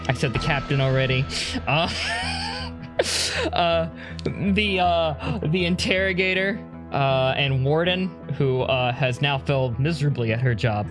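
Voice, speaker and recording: A man narrates a tabletop game as game master in a casual, rambling way. He fills pauses with "uh" and "you know", and faint music sits underneath. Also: mid-range voice. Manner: casual, rambling with many fillers.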